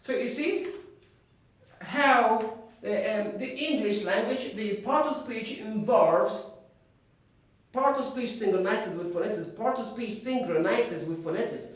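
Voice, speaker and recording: An English teacher drilling pronunciation, repeating each word slowly in a lesson. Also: medium pitch, very echoey, recorded from a distance. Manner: slow, drawn-out repetition of words.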